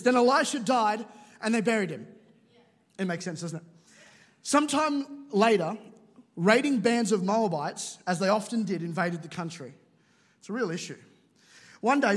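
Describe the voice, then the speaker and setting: A high-pitched man preaching in a church auditorium. He tells jokey stories and throws in quick asides, and his voice trails off in a long hall reverb. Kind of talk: sermon.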